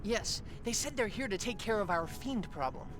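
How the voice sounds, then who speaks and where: A man's voice: high-pitched, expressive, moderate pace. An actor playing an earnest young male militia leader in a video game, speaking formally and eagerly. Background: game music.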